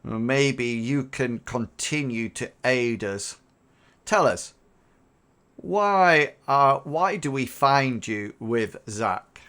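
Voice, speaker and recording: A man voicing a stern male mercenary captain who speaks low and slow. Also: lively intonation, fairly bright tone, full character voice. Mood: measured.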